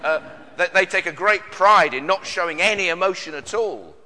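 A man's voice: high-pitched, normal speed, bright, forceful tone, long reverb tail. A British man preaching a sermon in an earnest way, with many searching questions and frequent repeated words. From Britain. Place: church.

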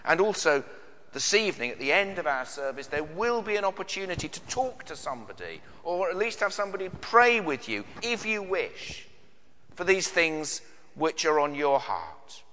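British preacher, lively and bright. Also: male voice, a little high, moderate pace, long reverb tail, slight background noise. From Britain. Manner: earnest, repeats words often, rhetorical questions. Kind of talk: sermon. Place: church.

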